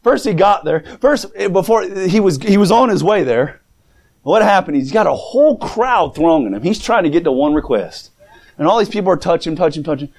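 A male preacher in a church, delivering an animated sermon. His pitch swings widely and sits a little high for a man, and he acts out the voices in his story and breaks into shouts at the high points. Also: fairly quick.

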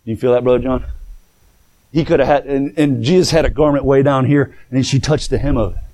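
A man preaching a sermon in a church, telling a story with voices he acts out and shouting at the high points. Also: a little fast. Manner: animated storytelling, acting out voices.

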